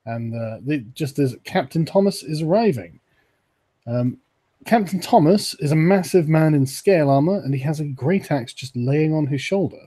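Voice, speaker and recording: Running a tabletop game, this game master narrates in a fairly high voice with a breathy edge. He sounds relaxed, pausing often and leaning on plenty of fillers.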